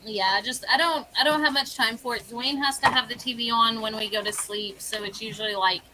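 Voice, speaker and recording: A woman's voice: on the high side, fairly even intonation, fairly quick, bright, forceful tone, slight background noise, rough recording. A woman hosting a podcast in casual chat, giving brief, easygoing replies.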